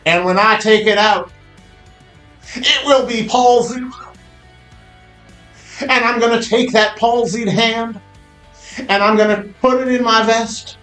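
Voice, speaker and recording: A man's voice: medium pitch, normal speed, pauses often, lightly acted. A man voicing Moses as a fervent, declaiming hill-country preacher, in a roomy echo over faint music.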